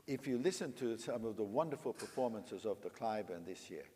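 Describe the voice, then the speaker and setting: A lowish, warm voice belongs to an older man who speaks fairly quickly and animatedly while teaching a young pianist in a master class. Singing phrases and coaxing emphatically, he is heard in a large hall with long reverb, piano playing, and slight background noise.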